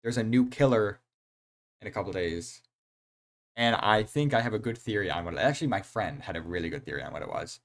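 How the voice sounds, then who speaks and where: A young man talks on a live game stream. His voice sits a little low. He rambles from one thought to the next, gets excited easily, and leans on slang and fillers. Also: fairly quick. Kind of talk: casual live-stream chat.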